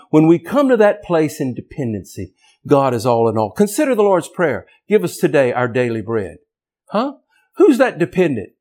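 A man preaching an impassioned sermon, emphatic and repetitive, climbing toward near-shouting on key points. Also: on the high side.

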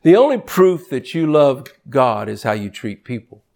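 A man preaching a sermon in an animated, conversational way, reading scripture quickly and jumping sharply in pitch for emphasis. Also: gravelly. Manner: reads scripture aloud quickly.

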